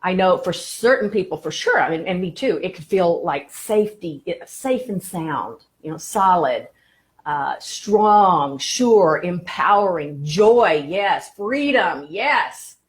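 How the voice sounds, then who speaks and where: A woman teaching about the law of attraction on a live stream, encouraging and warm in her phrasing, greeting viewers by name between points. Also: lowish voice, expressive, takes it slowly.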